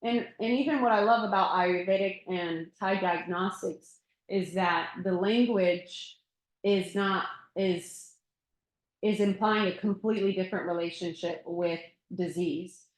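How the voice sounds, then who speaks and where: A woman teaching yoga and Thai bodywork in a relaxed, reflective way, laughing often during a group discussion. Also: on the low side, normal speed. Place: yoga studio room. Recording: echoey room.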